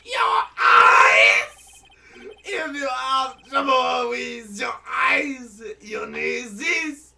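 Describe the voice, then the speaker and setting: A flamboyant male chef with a wildly overdone fake French accent, shrieking and melodramatic. The voice is high, bright and sharp, drawn out slowly and often shouted, with a gravelly edge. It sits a way back from the mic, with music under it. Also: big pitch swings, distant mic, exaggerated voice. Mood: gushing. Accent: over-the-top fake French. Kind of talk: reading game dialogue aloud.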